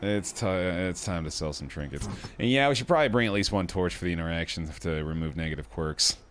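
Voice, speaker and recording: A man's voice: sits low, animated, brisk, a bit bright, slight background noise. A man giving casual gameplay commentary, joking, swearing and laughing at himself. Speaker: gaming streamer. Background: game music.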